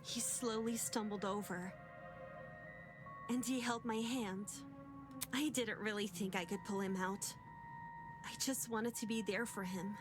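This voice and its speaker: Woman reading as a shy self-blaming girl, slow and unsure, game music behind. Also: medium pitch, fairly even intonation, lightly acted. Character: timid, self-blaming young woman recounting events. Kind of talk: reading character lines in a game playthrough.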